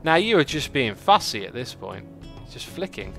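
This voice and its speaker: A man giving casual, chatty livestream commentary while building a city in a game, reacting out loud to it and answering chat. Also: mid-range voice, sing-song, vocal fry. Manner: chatty, talks to the game and to chat, quick exclamations. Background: faint background music.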